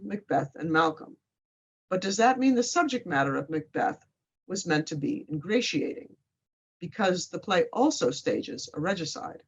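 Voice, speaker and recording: A literature professor gives a pre-show lecture in a husky, fairly low voice, tossing in dry, wry asides. The recording is lo-fi and slightly muffled.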